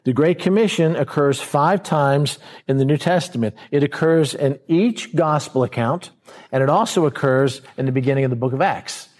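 Taking a passage verse by verse, a male pastor talks conversationally, lingering on key words and acting out scenes in quoted voices. He has a medium-pitched, darkish voice.

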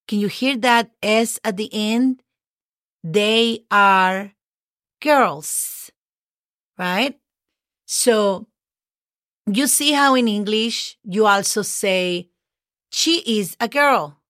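Slow, patient Spanish-accented woman teacher. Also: medium pitch, a bit bright, no echo, studio quality. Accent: Spanish-speaking. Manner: slow, repeats and spells out words, encouraging. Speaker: Spanish teacher, podcast host. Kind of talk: casual spoken language lesson.

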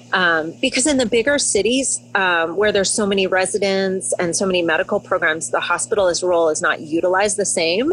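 A woman with a fairly low, slightly bright voice appears as a podcast guest; she works as a hospitalist. She chats casually, laughs often, and tells stories with emotion, over a faint hiss or hum.

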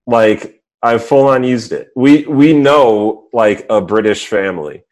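A man's voice: mid-range voice, unhurried, a little mellow. A man hosting a casual chat, loose and candid, with lots of "like" fillers.

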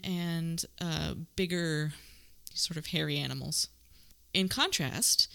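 Woman, podcast co-host, bright tone, slightly low pitch, casual explaining, jokey. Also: smooth. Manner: explains at length with jokes, laughs easily. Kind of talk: casual science podcast chat.

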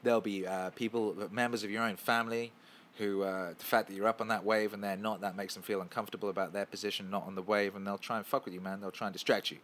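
Guy on a live stream, fairly low voice, cussing emphatically at the chat. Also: little pitch movement, quick pace, a bit bright. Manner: emphatic, profane, repetitive. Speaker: streamer answering chat questions.

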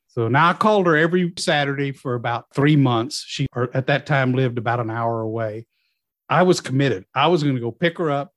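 A middle-aged man telling a personal recovery story, acting out quoted dialogue with lively storytelling. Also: medium pitch, no room sound, clean studio sound. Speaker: guest in recovery.

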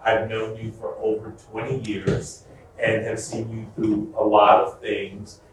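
A man giving an earnest toast to an old friend of twenty years at a live event. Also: fairly low pitch. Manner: warm and earnest in his praise. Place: live event before an audience. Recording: echoey, distant room mic with noise.

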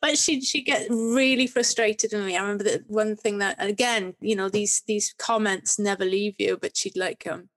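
A woman's voice: mid-range voice, fairly even intonation, moderate pace, few pauses, fairly bright tone. A middle-aged woman, a podcast guest, chatting in an interview, telling stories with many restarts and rambling sentences. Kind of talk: conversational interview.

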